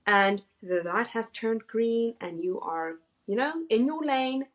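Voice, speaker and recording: A South African woman co-hosting a casual chat, animated and acting out everyday phrases with attitude. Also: a little high, takes it slowly. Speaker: podcast co-host.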